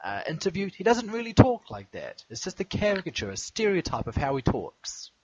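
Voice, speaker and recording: A man's voice: high-pitched, very animated, a little fast, breathy edge. A man co-hosting a podcast in casual chat, joking and contrarian. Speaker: podcast co-host. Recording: dull lo-fi audio with background noise.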